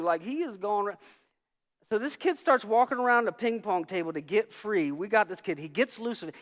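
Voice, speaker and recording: A male pastor preaching a sermon, telling a personal story and swinging from hushed, quiet lines to shouted ones. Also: sits high, lively intonation, fairly quick. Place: church sanctuary. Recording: long church hall reverb.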